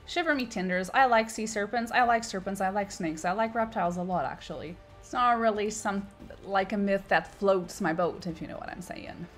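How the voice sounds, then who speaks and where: A woman's voice: mid-range voice, normal speed, music in the background. A woman marine biologist hosting a casual vlog, talking in a playful, self-mocking way with small laughs. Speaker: marine biologist and video host.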